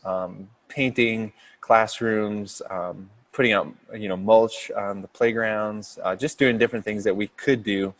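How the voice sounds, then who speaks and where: A man who is a pastor, talking in a casual podcast interview in an earnest, steady way with frequent ums and restarts. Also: on the low side. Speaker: pastor starting a new church campus.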